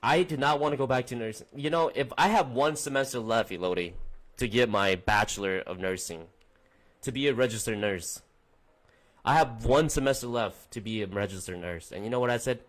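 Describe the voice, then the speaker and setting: With a medium-pitched voice and a fairly quick pace, a young man runs a laid-back podcast stream, shooting the breeze with viewers in the live chat in a profane, wandering way.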